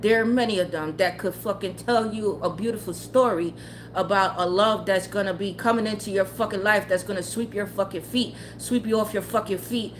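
A woman's voice: medium pitch, fairly quick, a little hiss or hum. A woman who streams tarot readings, ranting bluntly and with lots of profanity in casual talk to her live chat. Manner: blunt, profane, heated, often laughing. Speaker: tarot livestreamer.

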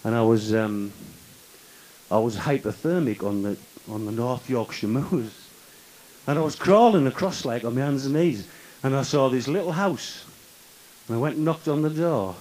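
A man's voice: medium pitch, animated, moderate pace, darkish tone, low-quality recording. A man telling comic tall tales live at a folk club, mock-sincere and insisting every word is true. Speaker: comic storyteller.

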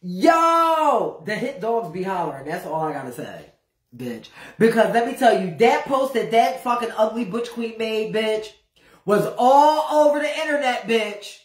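A woman's voice: on the high side, lively intonation, moderate pace, darkish tone, echoey room. A woman ranting on a livestream in a brash, profane way, repeating phrases over and over for emphasis. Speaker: live streamer. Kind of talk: unscripted livestream rant.

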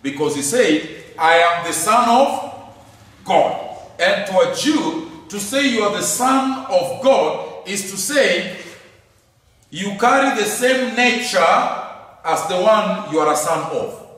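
A high-pitched man teaches at an unhurried pace, stressing his points, repeating phrases and asking rhetorical questions. His voice carries from a distance through a strongly echoing hall. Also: lively intonation, fairly bright tone. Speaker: Bible teacher. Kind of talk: teaching lecture on scripture. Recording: echoey hall from far off.

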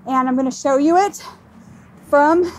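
High, unhurried woman fitness instructor. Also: rough recording. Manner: upbeat, coaching, talks while exercising. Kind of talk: workout instruction with countdowns.

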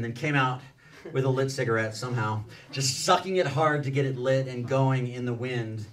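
A man's voice: medium pitch, normal speed, a bit bright, far from the mic. A man reading aloud from his own book at a library event, then talking loosely with fillers and restarts. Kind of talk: book reading mixed with casual storytelling. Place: public library event room.

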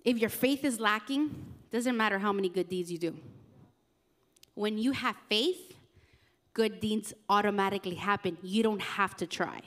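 A young adult woman, a youth pastor, preaching a casual youth sermon in a chatty, animated way with slangy asides. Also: medium pitch, moderate pace.

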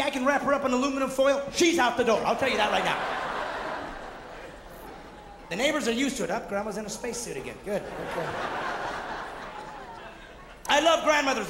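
Guy doing stand-up on a stage, high voice, ranting loud, big echoey hall, lots of noise behind. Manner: high-energy, ranting, jumps into shouted asides and mock voices. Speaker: stand-up comedian. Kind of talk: stand-up comedy routine. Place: theater stage before a live audience. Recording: echoey hall, noisy 1990s concert recording.

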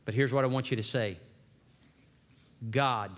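A man preaching a sermon as lead pastor, telling a story with lively shifts and dropping low for dramatic lines. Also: measured pace, slight background noise. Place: church sanctuary. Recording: long church hall reverb.

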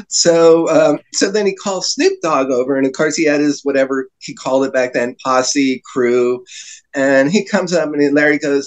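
Guy telling wild stories on a podcast, kinda high voice, does little voices for people. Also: moderate pace. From New Jersey. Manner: animated anecdotes, slips into voices for other people. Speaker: guest. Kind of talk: casual storytelling.

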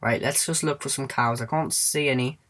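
A man's voice: medium pitch, steady tone, moderate pace, fairly bright tone. A man giving casual let's-play commentary in a goofy, rambling way, humming and singing to himself and squealing now and then.

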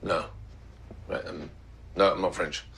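An actor playing an English father who speaks in halting, hesitant, terse phrases. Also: low voice, steady tone, creaky, fairly bright tone, exaggerated voice. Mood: guarded. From England.

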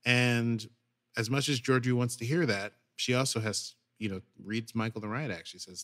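Speaking with medium pitch and moderate pace, a man co-hosting a podcast goes over an episode casually. He retells it with energy, performing quotes from the characters.

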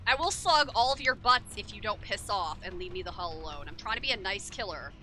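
A woman's voice: mid-range voice, animated, fairly quick, pushed and bright, faint music behind. A young woman streaming a horror game, talking to her chat with frequent swearing and frustration. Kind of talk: casual game commentary.

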